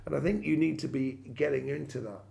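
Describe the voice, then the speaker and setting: A man with a very gravelly, creaky voice talks through a tarot reading for his viewers. He rambles, hesitates and circles back with plenty of ums and you-knows. His pitch sits in an ordinary middle range. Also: brisk, dark tone, a little hiss or hum. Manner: rambling, many fillers and restarts. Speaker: tarot reader.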